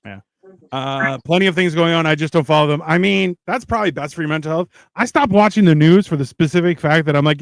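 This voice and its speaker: A man's voice: a little high, fast, no echo, clean studio sound. A man hosting a casual podcast who reads out viewer comments in a laid-back, wry, rambling way. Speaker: podcast host. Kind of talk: casual chat reading live comments.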